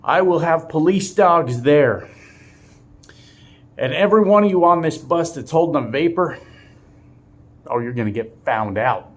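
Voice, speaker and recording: A man voicing a stern middle-aged male bus driver who makes blustering, threatening announcements. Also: mid-range voice.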